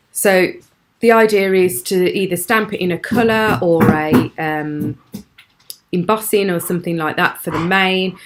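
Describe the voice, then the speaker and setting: A woman's voice: fairly low pitch, a little hiss or hum. Chatty British woman hosting a craft livestream. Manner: chatty, admiring, laughs often. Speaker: craft channel host. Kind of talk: live-stream craft show chat. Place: at home.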